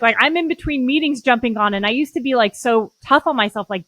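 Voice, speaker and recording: A woman's voice: on the high side, quick pace, few pauses, fairly bright tone, no echo, low-quality recording. A woman hosting an interview podcast, talking enthusiastically in casual slang. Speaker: podcast host.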